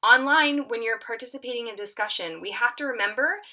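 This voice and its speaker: A woman's voice: fairly high pitch, a little fast, bright, forceful tone. A middle-aged woman teaching a tutorial, reading an excerpt aloud and acting out the quoted lines with lots of expression.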